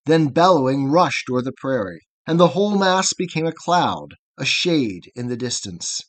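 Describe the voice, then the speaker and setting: A man reads a long narrative poem aloud as a podcast host. His voice sits slightly high for a man, and his reading keeps a measured, rhythmic cadence. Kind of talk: poetry reading.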